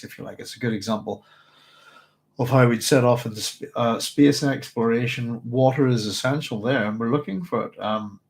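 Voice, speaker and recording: A man with an ordinary middle-pitched voice hosts a relaxed book club discussion, mixing chat with passages read aloud. He's thoughtful and rambling, often pausing to correct himself and filling gaps with an easy "um".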